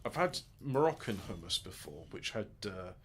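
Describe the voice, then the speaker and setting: A man's voice: lowish voice, sing-song, normal speed, slight background noise. A man giving rambling, joking let's-play commentary, muttering asides and mocking himself as he sets up his game. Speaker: gaming video host.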